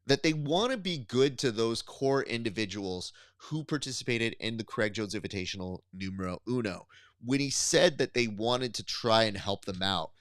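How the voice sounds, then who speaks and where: A man co-hosting a casual podcast, riffing animatedly and pitching ideas with mock appeals to the listener. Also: a bit bright, clean tone, no echo. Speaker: podcast co-host.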